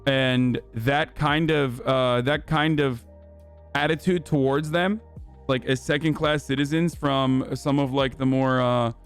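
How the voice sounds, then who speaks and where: A man's voice: mid-range voice, steady tone, unhurried, smooth, soft background music. A man hosting a livestream, giving heated, profane commentary with lots of fillers. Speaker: livestream host.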